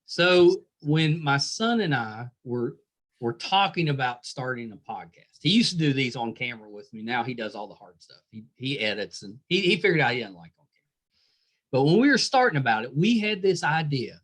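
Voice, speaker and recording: A man's voice: medium pitch, animated, moderate pace, a bit bright. A middle-aged man hosting a podcast interview, easygoing and jokey in casual chat. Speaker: podcast host.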